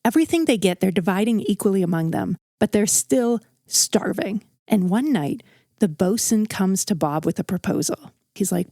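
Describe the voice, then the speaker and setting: A woman narrates a true story in a relaxed, chatty way and lets the tension build as she goes. Her voice sits in a middle pitch. The sound is dry and close to the mic, with no echo. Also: moderate pace. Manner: conversational and vivid, with a dramatic build. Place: outdoors around a campfire.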